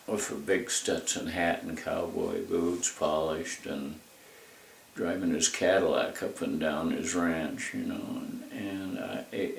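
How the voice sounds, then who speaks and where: An older man with a very deep, gravelly voice rambles through family memories at an unhurried pace. He speaks in a folksy way and drifts into asides. The mic sits well away from him in an echoey room. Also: far from the mic, slight background noise. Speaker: interviewee telling family history. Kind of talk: casual storytelling.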